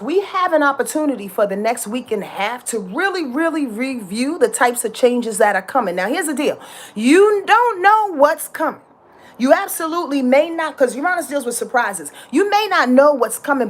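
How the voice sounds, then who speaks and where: A woman's voice: high-pitched, big pitch swings, a little fast. A woman giving a casual astrology talk, passionate and dramatic, emphatic and repetitive, with slang and swearing. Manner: profane and slangy.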